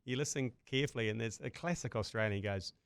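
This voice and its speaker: A man hosting a sports podcast, trading jokey banter and telling stories in a casual, quick-witted way. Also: medium pitch, creaky, clear, resonant tone, no echo. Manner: jokey, storytelling, quick asides. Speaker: podcast host.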